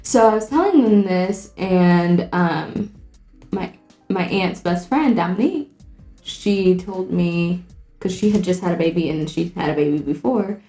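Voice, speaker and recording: A woman's voice: on the low side, measured pace, mellow. A young woman and makeup vlogger telling a story in a casual, rambling way while doing her makeup. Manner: chatty and rambling, lots of "like". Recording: echoey room, faint music.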